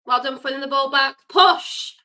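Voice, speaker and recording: A woman hosting a live football watchalong, reacting loudly and getting exasperated with the players. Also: high-pitched, normal speed, poor audio. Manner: animated, exasperated, shouts at players. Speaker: watchalong host.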